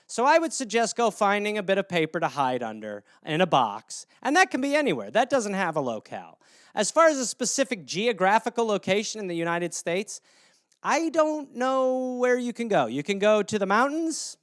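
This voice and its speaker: Brief: animated comedy host, a man with a high, lively and crisp voice, profane casual riffing, dry close sound. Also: no echo.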